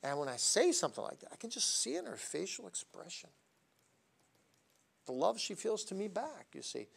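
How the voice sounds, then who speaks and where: Lecturer, male, fairly high gravelly voice, animated classroom delivery. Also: normal speed. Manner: animated storyteller, voice swinging from soft asides to loud emphasis. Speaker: seminary lecturer.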